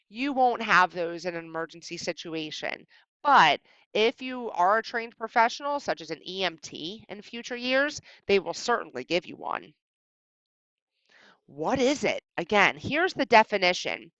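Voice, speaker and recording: Woman teacher, animated delivery, marked pauses, dry muffled home recording. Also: medium pitch, dry recording. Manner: expressive, exaggerated pauses at punctuation. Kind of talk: recorded slideshow lesson. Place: indoors at home.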